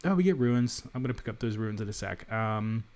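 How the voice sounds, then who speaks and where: A man talks through a strategy game, thinking aloud and weighing his moves. His pitch rises and falls in a lively way, and he wanders through restarts and little asides. The feel is casual and unscripted, like recording at home in a city apartment. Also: brisk. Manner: thinks aloud, rambling, many fillers and restarts. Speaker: gamer. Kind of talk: let's play commentary.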